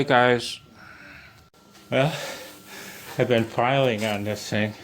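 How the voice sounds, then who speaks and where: A man's voice: medium pitch, steady tone, takes it slowly, fairly bright tone. A man in a home workshop chatting to camera in a rambling, self-mocking way while filing metal, sometimes a little out of breath. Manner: self-mocking, wandering asides. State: slightly out of breath. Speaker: ham radio hobbyist. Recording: faint background noise with filing and clicks.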